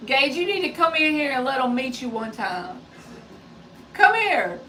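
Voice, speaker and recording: A woman's voice: sits high, lively intonation, brisk, sharp tone, distant mic, low-quality recording. A woman in her forties chatting casually and jokingly on a live stream as a tarot reader, passing along remarks from someone off-mic. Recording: voice a bit off-mic, faint background noise.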